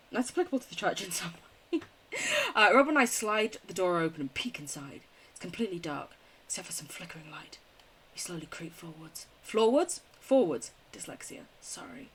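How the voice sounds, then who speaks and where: A woman's voice: mid-range voice, fairly bright tone. A young woman streaming a game, reading its text aloud and chatting casually, often giggling and swearing. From United Kingdom. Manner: giggly, swears casually, chats with chat between read lines.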